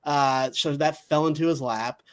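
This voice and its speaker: A man's voice: on the high side, steady tone, measured pace. A man co-hosting a sports talk show, talking in a crude, blunt, mocking way. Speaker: podcast co-host.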